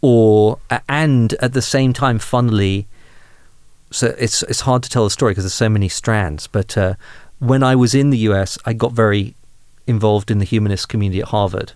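A man's voice: fairly low pitch, normal speed, clear, resonant tone, no echo, clean studio sound. Candid man telling a personal story. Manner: candid, self-deprecating, animated when amused. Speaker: guest, humanist chaplain. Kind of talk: personal storytelling in a podcast interview.

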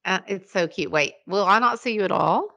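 Older woman co-host, sharp bright voice, chatty and quick to laugh. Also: mid-range voice. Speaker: podcast co-host. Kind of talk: casual chat.

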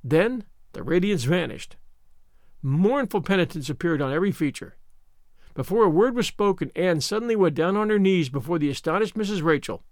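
A man reading a classic novel aloud as narrator, in an expressive storytelling manner. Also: sits high, a little fast, dry recording, clean studio sound. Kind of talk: audiobook reading.

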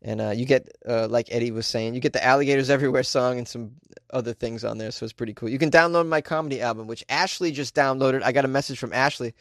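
Tipsy comedian hosting a podcast. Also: male voice, medium pitch, fast talker, no echo, clean studio sound. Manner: jokey, animated, reading listener mail aloud. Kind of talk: casual podcast monologue.

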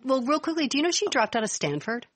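A middle-aged woman co-hosting a podcast, telling stories in a lively, chatty way. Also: sits high, quick pace, dry recording. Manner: warm, animated storyteller, laughs easily. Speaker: podcast co-host. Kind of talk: casual chat.

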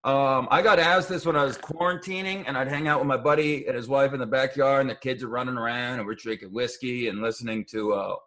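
A man's voice: medium pitch, fairly even intonation, fast talker, hardly any pauses, a bit bright. A man talking as a guest in casual comedic chat, wry and blunt.

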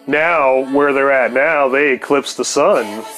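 A man's voice: mid-range voice, slow, a bit bright, soft background music. A man telling a rambling, profane story on his podcast, laughing now and then. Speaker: podcast host. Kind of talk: casual storytelling monologue.

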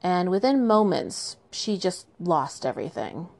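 A woman's voice: lowish voice, sing-song, unhurried, vocal fry, darkish tone. A woman telling medieval history in an irreverent, sarcastic way, with profane asides. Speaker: history podcast host.

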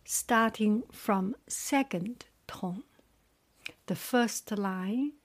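A woman with as her leads a quiet drill at an unhurried crawl. Her voice sits at an ordinary middle pitch and often sinks to a breathy whisper. She says every word twice with a steady, patient rhythm before giving its meaning. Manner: very slow, repeats each word twice then translates; often drops into a soft whisper. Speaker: language teacher. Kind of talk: soft whispered tone-drill lesson.

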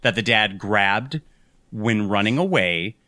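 A man with a bright, forceful tone talks about a movie in casual podcast banter. He is eager and analytical and rambles a little. His voice sounds dry and close, with no room around it. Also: on the low side, lively intonation, slow, no echo. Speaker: podcast co-host. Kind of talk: casual film discussion.

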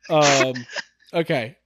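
A man's voice: fairly high pitch, pushed and bright, no echo. Laughing man reading comments, dry sound. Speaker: podcast co-host. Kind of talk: casual chat reading online comments aloud.

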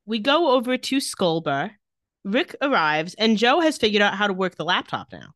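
A woman co-hosting a casual recap podcast who retells each scene with dry, sarcastic asides. Her pitch rises and falls a great deal as she reads the lines. The recording is dry and close to the mic. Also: big pitch swings, moderate pace, fairly bright tone, no echo. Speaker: podcast co-host recapping a TV episode. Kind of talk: casual chat.

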